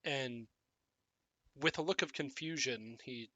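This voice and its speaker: A man narrates a tabletop role-playing scene as game master, stopping to correct details and back up. His voice is bright and forward, recorded dry and close. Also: mid-range voice, takes it slowly, no echo. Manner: descriptive, self-correcting.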